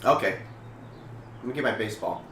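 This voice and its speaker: A man's voice: on the low side, lively intonation, a little fast, a bit bright. A man playing a tabletop role-playing game, casual and joking. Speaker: player. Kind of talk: tabletop role-play chat. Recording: distant, roomy, noisy room.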